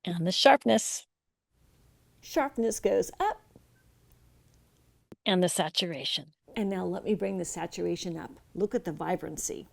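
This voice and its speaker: Upbeat woman with a gravelly edge. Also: lowish voice, measured pace, long pauses, no echo. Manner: upbeat, enthusiastic. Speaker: product reviewer. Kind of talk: product demo. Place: outdoors in a garden. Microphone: webcam on a computer.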